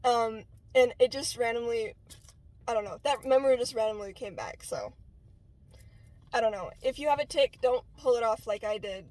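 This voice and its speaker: A woman's voice: a little high, expressive, moderate pace, a little mellow, no room sound, poor audio. A young woman vlogger telling a childhood story in a casual, chatty way, full of fillers and "right?" check-ins.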